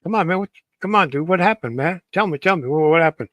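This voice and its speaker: A pushy, excitable young man pressing his cousin for answers, as a man acts him out. He pitches his voice up and keeps calling the other "man" and "dude". The sound is close and dry. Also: fast, no echo.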